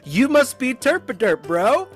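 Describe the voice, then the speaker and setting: A man's voice: very high voice, sing-song, measured pace, faint music behind, voice pushed up, heavily acted. A man voicing a wiry, eccentric male gnome tinkerer who chatters in a sing-song way, full of surfer slang. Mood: excited.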